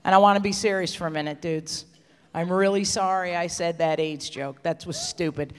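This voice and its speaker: A woman's voice: on the high side, a little hiss or hum. Brash woman comic, echoey hall. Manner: brash, crude, teasing the crowd, often shouting. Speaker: stand-up comedian. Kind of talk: live insult comedy set. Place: stage in a large theater before a live audience. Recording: live hall recording with loud audience.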